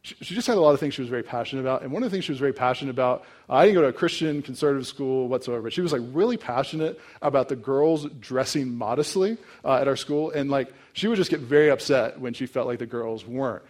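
A man's voice: mid-range voice, fast talker, few pauses, darkish tone. A young adult man preaching a sermon in a conversational, storytelling way with touches of humor. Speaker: pastor.

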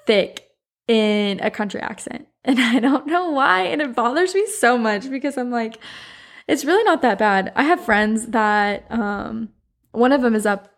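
Woman, Southern accent, solo podcast host, slightly high voice, casual and chatty. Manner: chatty, rambling, many "like" fillers and asides.

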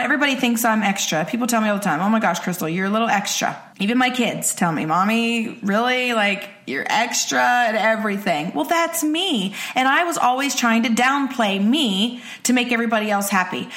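Woman in her 40s doing a pep talk podcast, kinda high voice, super energetic, says stuff over and over for emphasis. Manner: energetic, candid, repeats phrases for emphasis. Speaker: podcast host. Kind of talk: motivational solo talk.

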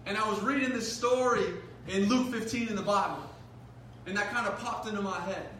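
A young man preaches with a high, bright voice, telling a comic school story full of "like" and quick asides. He sounds a little off-mic, and the hall echoes hard around him. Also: far from the mic, a little hiss or hum. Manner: animated, comic storytelling with lots of "like". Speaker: youth pastor. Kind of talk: sermon with storytelling. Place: large hall.

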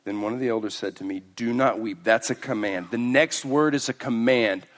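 A man preaching a sermon, his delivery moving between quiet, slowed passages and loud, emphatic bursts. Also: medium pitch. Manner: swings from hushed and slow to loud and emphatic. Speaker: pastor.

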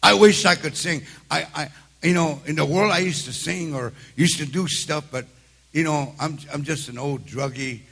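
Older guy preaching, gravelly husky voice, bright, streetwise, gets loud and fired up. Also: moderate pace. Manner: builds from low storytelling to shouted exhortation; streetwise, repeats words at restarts. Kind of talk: sermon with personal stories.

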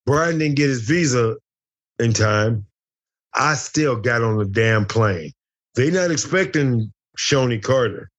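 A man's voice: mid-range voice, expressive, slow. A middle-aged American man telling a wild story as an interview guest, boisterous and profane, acting out the dialogue. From United States. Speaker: interview guest, former fighter.

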